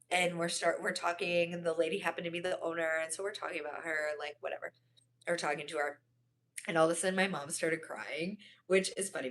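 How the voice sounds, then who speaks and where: A young woman chatting on a livestream, reading viewers' comments and rambling through stories with lots of fillers and self-corrections. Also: low-pitched.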